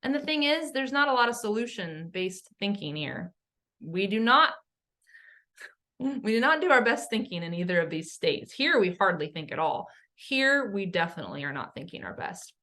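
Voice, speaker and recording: A woman's voice: mid-range voice, very animated, moderate pace, pushed and bright. A woman coach giving an educational talk, earnest, explaining step by step with questions and lists. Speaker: somatic coach.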